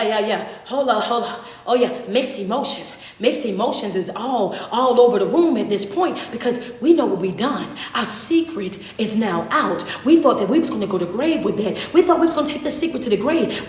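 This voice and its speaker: A woman's voice: on the high side, reverberant. A woman preaching a Bible story in casual, colloquial speech, dramatic and repetitive, with emphatic callbacks to her listeners. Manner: colloquial Southern US English. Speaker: motivational speaker. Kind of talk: sermon-style preaching.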